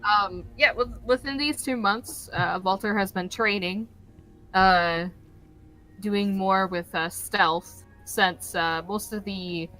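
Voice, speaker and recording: Woman player, slow, halting speech, bright voice, faint music behind. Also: medium pitch, poor audio. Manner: halting, laughs often. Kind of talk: tabletop game chat.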